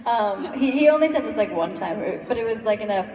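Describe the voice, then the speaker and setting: A woman's voice: medium pitch, lively intonation, quick pace, a little mellow. A young woman singer chatting playfully at a fan Q&A, giggly and rambling. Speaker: pop group singer at a fan Q&A. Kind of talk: casual Q&A on stage. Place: large concert hall. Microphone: phone filming from the audience. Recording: echoey hall from far off, with crowd and noise.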